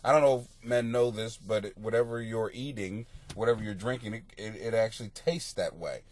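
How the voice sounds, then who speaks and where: A man hosting a comedy podcast, reading out listener questions and answering them in a crude, profane, mocking rant that swings into yelling. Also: on the low side, a little fast. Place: home basement.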